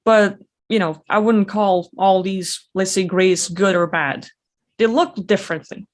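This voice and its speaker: Female non-native English speaker, reaction host, loose rambling delivery, average pitch. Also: unhurried. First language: not English. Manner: rambling, many fillers and restarts. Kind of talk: casual commentary.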